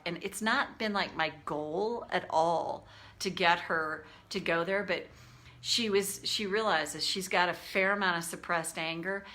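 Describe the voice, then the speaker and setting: A woman coaching viewers on a livestream, candid and animated, speaking to them by name. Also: fairly low pitch. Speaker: tapping coach.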